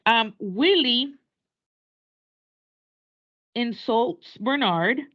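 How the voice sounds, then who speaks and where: A woman teacher lecturing her class on a play in a classroom. She talks in an animated way and switches between English and Spanish. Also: on the high side, drawn-out words. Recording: dull lo-fi classroom recording.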